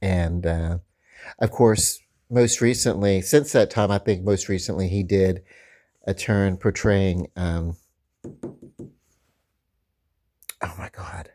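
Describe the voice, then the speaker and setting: A man's voice: deep voice, steady tone, takes it slowly, warm tone. A man with a Southern accent, rambling casually through a video, full of fillers and restarts. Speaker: comic book vlogger.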